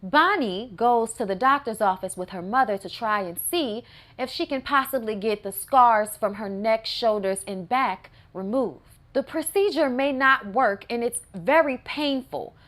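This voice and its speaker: Woman reviewer, sassy and wry, lively pitch that swings up and down, casual recap. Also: a little slow. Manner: sassy, wry, animated asides. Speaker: movie reviewer.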